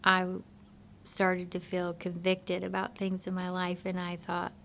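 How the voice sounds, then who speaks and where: A woman telling her personal faith testimony in a soft-spoken, halting, reflective way. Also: lowish voice, completely flat delivery, vocal fry, slight background noise.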